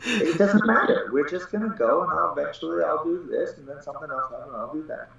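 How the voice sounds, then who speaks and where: A man's voice: fairly high pitch, lively intonation, fairly quick, gravelly, a bit bright. A man, a Taoist teacher, talking in a casual podcast conversation, blunt and profane, often acting out what others say. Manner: blunt and profane, acts out quoted voices. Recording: very echoey, dull-sounding room recording.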